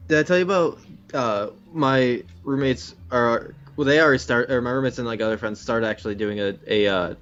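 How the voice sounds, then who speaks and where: A young man co-hosting a let's play, chatting casually with halting, dry replies. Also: medium pitch, fairly bright tone, highs cut off. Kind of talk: casual gameplay commentary.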